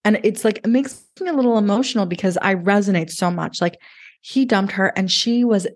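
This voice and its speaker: A woman speaking as a love coach in a casual podcast conversation, animated, emotional and emphatic. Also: mid-range voice, a little fast.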